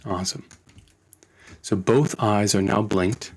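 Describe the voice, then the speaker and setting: A man teaching animation in a screen-recorded tutorial, relaxed and thinking aloud as he works. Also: fairly low pitch, takes it slowly, slightly rough. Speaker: animation instructor.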